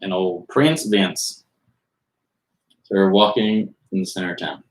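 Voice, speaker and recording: A man's voice: deep voice, measured pace. A young man narrating as game master, rambling loosely with lots of filler words. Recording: roomy echo.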